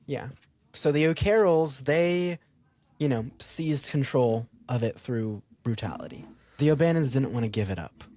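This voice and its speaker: A man's voice: medium pitch, unhurried. A man co-hosting a podcast, telling a castle's history in casual chat, with fillers and frequent laughter. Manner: animated, laughs often, fillers like um.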